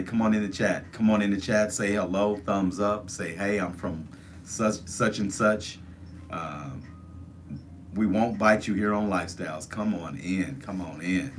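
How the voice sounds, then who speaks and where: Deep-voiced man coaxing livestream viewers. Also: a little hiss or hum. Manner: coaxing, repetitive, urging viewers to join chat. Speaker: livestream host. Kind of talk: casual livestream chat.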